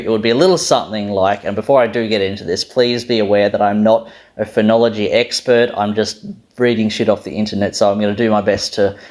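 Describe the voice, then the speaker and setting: Aussie guy talking thru pronunciation, casual and a bit self-deprecating, says the sounds out loud. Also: fairly low pitch. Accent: Australian. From Australia. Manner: chatty, self-deprecating, demonstrates sounds aloud. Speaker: language video host.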